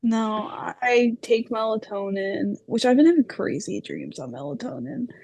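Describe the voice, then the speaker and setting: A young woman with a slightly high voice co-hosts a podcast in playful, easygoing chat. The recording is dry and close, with no room sound. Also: lively intonation, normal speed, darkish tone, no room sound. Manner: playful, laughs easily. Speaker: podcast co-host. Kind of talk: casual chat.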